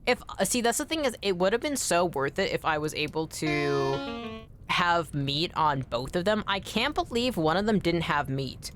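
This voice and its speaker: A woman's voice: very animated, over music. Frustrated woman streamer swearing at a game. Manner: swears often, quick to frustration; pitch jumps high when annoyed. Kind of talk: live gameplay commentary.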